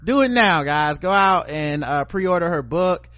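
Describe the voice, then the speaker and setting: Dude hosting a podcast, kinda high voice, jokey and crude, reads news out loud, dry sound. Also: male voice, expressive, unhurried, no room sound. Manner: joking, profane, laughs often. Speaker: podcast host. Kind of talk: casual chat, reading news aloud.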